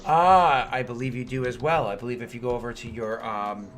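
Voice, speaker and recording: A man running a tabletop game as game master, explaining rules and then narrating combat with excited energy. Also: mid-range voice, fairly quick, faint music behind.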